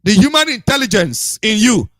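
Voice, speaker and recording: A man's voice: sits high, big pitch swings, moderate pace, fairly bright tone, no echo. A man, giving a repetitive, emphatic and scolding preaching monologue as a radio broadcaster.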